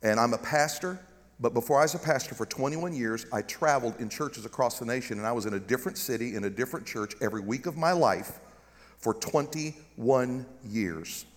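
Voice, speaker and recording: A man's voice: mid-range voice, brisk, big-room sound. A middle-aged man with a Southern American accent, preaching a humorous sermon as a guest pastor and calling for amens. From United States. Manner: joking, animated preaching with calls of amen. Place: large church with balcony.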